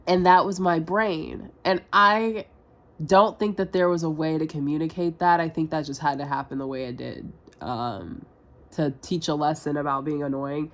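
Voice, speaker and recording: A woman's voice: low voice, moderate pace. A young woman in a confessional vlog, rambling and self-deprecating, full of filler words and swearing. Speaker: vlogger.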